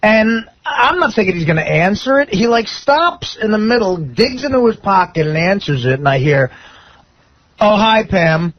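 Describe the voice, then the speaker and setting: Man, talk radio regular, rambling story, lively pitch, dull lo-fi sound. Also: moderate pace, hardly any pauses. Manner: rambling, laughing anecdote teller with quoted voices.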